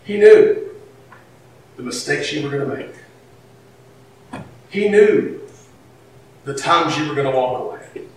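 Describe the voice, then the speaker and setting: A man with a high voice delivers an animated sermon. He drops low, then rises to a shout, with a laugh here and there. He is heard from a distance in a very echoey hall with faint noise behind. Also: takes it slowly, pauses often. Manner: animated, swings from quiet to shouting, laughs between lines. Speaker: pastor.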